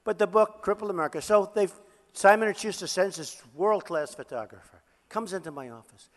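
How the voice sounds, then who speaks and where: At a campaign rally, an older male candidate delivers an off-the-cuff, boastful speech, repeating his lines at a fairly quick pace. His voice is high for a man, and a long hall reverb trails each phrase.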